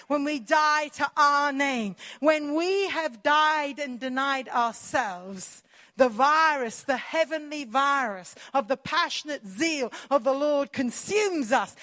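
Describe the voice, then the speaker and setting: A woman's voice: sits high, a bit bright. A woman preacher, delivering an emphatic sermon full of repetition.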